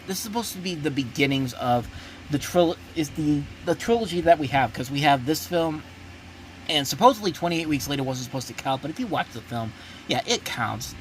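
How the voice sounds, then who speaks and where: A man hosting a movie review show, talking in a blunt, emphatic way with many restarts and sudden jumps in pitch. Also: a bit bright, a little hiss or hum. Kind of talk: casual ranting review.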